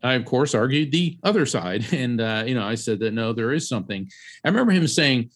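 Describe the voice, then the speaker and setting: A middle-aged man from Central Florida tells a story as an interview guest, animated and expressive. He acts out the other people in the story and jumps up in pitch for them. His own speaking voice sits in a middle range. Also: fairly quick. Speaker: psychic medium and author.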